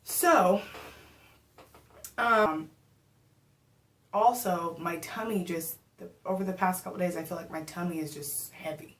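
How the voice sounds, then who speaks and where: A young woman chats straight to her camera, walking through a story with plenty of "like" and "um." Her voice sits slightly low for a woman. The small room around her gives it a noticeable echo. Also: a little slow, long pauses, slight background noise. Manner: chatty, animated storytelling with many fillers. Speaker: vlogger. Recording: echoey room.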